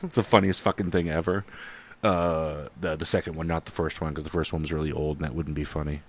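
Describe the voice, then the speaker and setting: A man from Minnesota with a very deep voice, co-hosting a loose, casual podcast. He rambles and swears freely, laughs often and fills his sentences with "uh" and "um". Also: fairly even intonation, quick pace, husky. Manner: rambling and profane, laughs often, frequent fillers. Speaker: podcast co-host. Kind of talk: casual chat.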